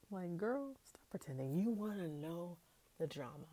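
Podcast host, female, low and gravelly, loose chatty recap delivery, slips into whispers. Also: expressive, normal speed, dark tone. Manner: chatty, slangy, laughs often, drops to whispers. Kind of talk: casual solo TV recap.

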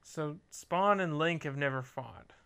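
Brief: dry, joking podcast co-host, smooth bright voice, unhurried. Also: mid-range voice. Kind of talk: casual podcast chat.

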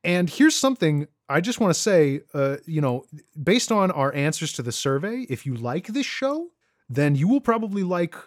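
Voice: medium pitch, normal speed, no echo, studio quality. A podcast co-host in casual chat, joking and then reading out recommendations for other shows. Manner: animated, joking, reads out show plugs.

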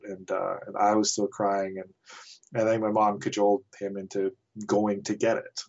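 Low-voiced man rambling through a story. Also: flat delivery, moderate pace, vocal fry, a little mellow. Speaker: podcast guest. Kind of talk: casual anecdote telling. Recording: dull lo-fi podcast audio.

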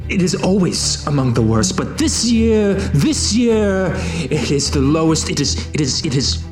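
Man doing a high, haughty cheese snob, slow indignant tirades. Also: very animated, echoey room, over music. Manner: haughty, indignant, drawn-out outbursts. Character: pompous male cheese connoisseur traveler.

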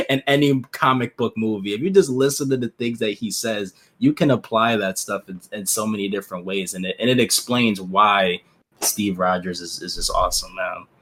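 A man co-hosting a casual podcast chat, talking in an animated, emphatic and colloquial way. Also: mid-range voice. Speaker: podcast co-host.

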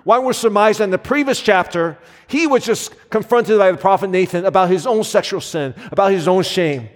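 Earnest high-voiced male preacher. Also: normal speed. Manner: earnest, conversational preaching with frequent fillers. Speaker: pastor. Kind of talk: sermon. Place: church sanctuary. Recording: long hall reverb.

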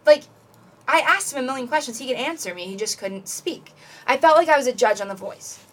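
A woman's voice: high voice, brisk, recorded from a distance. Chatty young woman a little off-mic. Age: young adult. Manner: animated, rambling, many "like" and "basically". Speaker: podcast co-host. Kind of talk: casual chat, storytelling.

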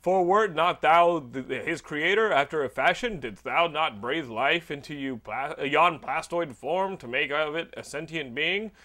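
A man reading a male god warrior's archaic lines slowly and stiltedly for a comedy bit. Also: on the high side, pushed and bright. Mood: grandiose. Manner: slow, stilted mock-archaic diction.

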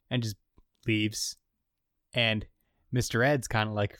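A man co-hosting a casual podcast, recapping a show and acting out the characters' lines in an animated way. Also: lowish voice, measured pace, no echo, clean studio sound. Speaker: podcast co-host recapping an episode. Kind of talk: casual chat.

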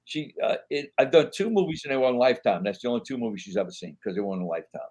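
Älterer Mann, Gast im Gespräch, erzählt Geschichten, heiser. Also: male voice, medium pitch, very fast. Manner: animated anecdotes, frequent swearing. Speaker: guest actor. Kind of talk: casual storytelling chat.

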